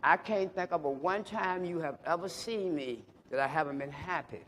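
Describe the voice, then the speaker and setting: Middle-aged guy, high voice, telling funny stories in an echoey hall, does all the voices himself. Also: moderate pace, slight background noise. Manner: animated storyteller acting out both sides of the dialogue; colloquial, laughing through his stories. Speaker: recovery speaker. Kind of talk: storytelling talk to a live audience.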